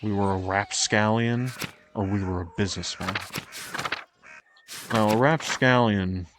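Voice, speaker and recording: A man's voice: fairly low pitch, unhurried, noisy background. A man streaming a video game, rambling and self-mocking in casual commentary, swearing now and then. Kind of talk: casual let's-play commentary.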